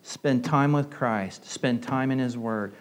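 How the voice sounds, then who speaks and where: A pastor with a slight southern US accent preaching a conversational sermon, often repeating words and asking the congregation questions. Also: male voice, mid-range voice, slow.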